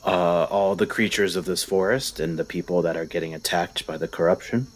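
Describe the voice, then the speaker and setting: A man with a very deep voice playing an earnest young would-be paladin who speaks with halting sincerity. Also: little pitch movement.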